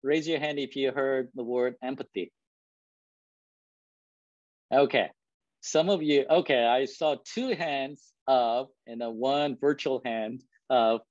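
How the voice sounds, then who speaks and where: A man whose first language is not English gives a talk to a live audience as a guest speaker. His pitch sits in a middle range, and he keeps it conversational by often asking "right?" to check in. The recording is dry and slightly dull. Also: fairly even intonation, slow, pauses often, a little mellow, no room sound. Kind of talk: presentation to an audience.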